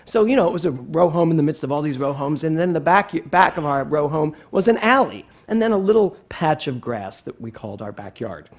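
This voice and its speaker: Lively, high-voiced male pastor. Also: a little fast, few pauses. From Philadelphia, USA. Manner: animated, playful, storytelling. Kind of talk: sermon.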